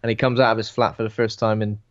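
A man's voice: on the low side, level tone, fast, highs cut off. A man with a British English accent, co-hosting a podcast and riffing jokily about a film. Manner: jokey, riffing banter. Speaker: podcast co-host. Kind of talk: casual film discussion.

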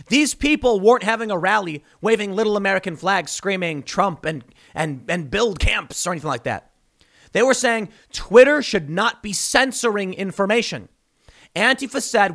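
Emphatic, animated male commentator. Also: sits high. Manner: emphatic, rhetorical, sarcastic. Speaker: political commentator. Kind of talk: solo commentary.

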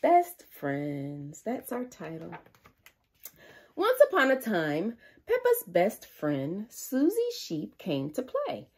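Husky, sing-song woman teaching young children. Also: mid-range voice, wildly swooping pitch, takes it slowly, a little mellow. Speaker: preschool teacher. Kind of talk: children's circle time and read-aloud.

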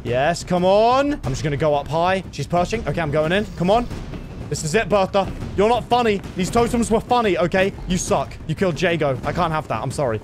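A young man with a high, bouncy voice narrates his gameplay in a rush of excitement, breaking into yells when the action gets tense. His pitch swings widely from line to line. Faint music plays underneath. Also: a little fast. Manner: excitable, yelling in bursts during fights. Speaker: gaming video host.

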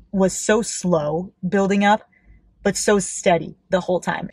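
A woman's voice: on the low side, breathy edge. Gushing young woman reviewing books. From United States. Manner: gushing, giggly, bursts into squeals. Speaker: book vlogger. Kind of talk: casual book reaction chat.

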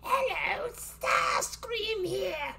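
A man voicing a scheming male cartoon robot in a high, screechy, rasping voice. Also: expressive, very slow, bright, forceful tone, slight background noise, full character voice. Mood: sneering. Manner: high screechy rasp, giggling through lines.

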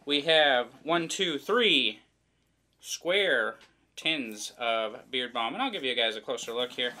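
Man from the Midwest, bright forceful voice, casual unboxing chatter, rambling and jokey. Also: medium pitch, animated, slow. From American Midwest. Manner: rambling, joking, self-deprecating. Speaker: vlogger reviewing products.

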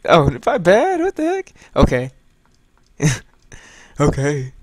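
A man's voice: on the high side, huge pitch swings, slow, no room sound. A young man doing casual, jokey let's play commentary, full of slang. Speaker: gamer.

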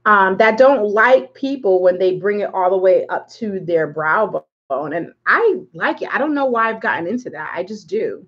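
Woman chatting thru a makeup livestream, mid pitch, kinda muffled audio, says hi to viewers. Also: expressive, measured pace, fairly bright tone, slightly rough. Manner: rambling, chatty, greets viewers by name. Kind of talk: casual live makeup tutorial chat.

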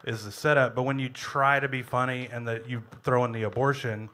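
A man's voice: medium pitch, fairly even intonation, a little fast, bright, forceful tone. A man on a comedy club panel, rambling eagerly with joke suggestions. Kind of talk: live comedy podcast chat.

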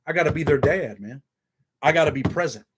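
A man with a husky, slightly raised voice talks straight to his viewers. His delivery is blunt and heartfelt, and "man" closes almost every line. He is the regular host of his own online show. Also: on the high side, a little fast, fairly bright tone. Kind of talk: casual straight-talking monologue to camera.

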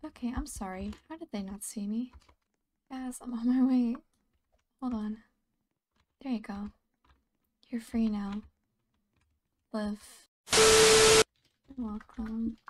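A woman's voice: on the high side, fairly even intonation, takes it slowly, long pauses, noisy background. A tired woman giving casual gameplay commentary, often half-whispering and mumbling to herself. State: sleepy and tired. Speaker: gaming channel host.

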